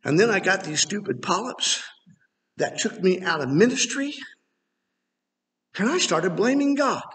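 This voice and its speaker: A middle-aged male pastor preaching a sermon in a church, animated and rising to emphatic near-shouts. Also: high-pitched, unhurried, long pauses. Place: church sanctuary. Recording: long hall reverb.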